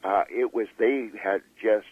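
Author guest, male, husky lowish voice, hesitant with lots of ums, heard over a tinny phone line. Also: fairly even intonation, no room sound. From Canada. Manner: halting, many fillers and restarts. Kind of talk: interview conversation.

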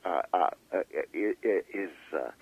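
A man, an author being interviewed, talking in a halting way with many fillers and restarts. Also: low voice, lively intonation, vocal fry, husky, no echo, highs cut off. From Canada. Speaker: author guest. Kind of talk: interview conversation.

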